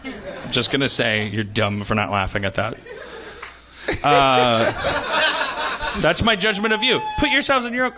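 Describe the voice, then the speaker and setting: A man's voice: mid-range voice, lively intonation, moderate pace, a loud crowd, heavy background noise. A man hosting a live podcast, rambling and profane, mocking himself as he talks. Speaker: podcast host. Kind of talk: live podcast banter on stage.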